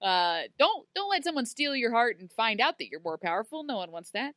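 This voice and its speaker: A woman's voice: fairly high pitch, fairly quick, dry recording, clean studio sound. A woman chatting casually as a podcast co-host, recapping a TV episode and acting out the characters' lines. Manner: animated, acts out characters' lines.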